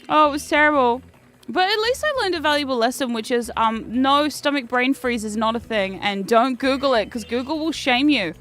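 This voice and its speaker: A woman's voice: high voice, moderate pace, a bit bright, soft background music. A woman, chatting casually as a streamer while gaming, swearing freely and laughing often.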